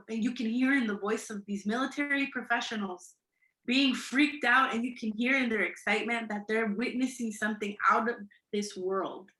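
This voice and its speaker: A woman with a fairly high voice chats in an animated, casual way with friends and sometimes gropes for the right word. The sound is roomy and echoey. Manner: animated, searching for words. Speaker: guest in a group discussion. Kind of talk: casual chat.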